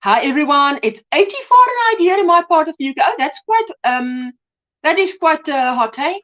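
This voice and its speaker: A woman's voice: high-pitched, very animated, moderate pace, pushed and bright. An older woman from South Africa hosting a casual livestream, reading out viewer comments and calling people sweetheart and darling. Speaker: livestream host. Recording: dull lo-fi livestream audio.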